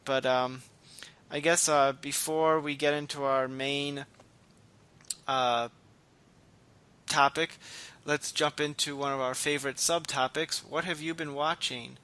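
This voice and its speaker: Tired bright-voiced male podcast host. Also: little pitch movement, a little slow, long pauses, clear, resonant tone. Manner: low-key and tired, rambling with restarts. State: exhausted. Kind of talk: casual chat.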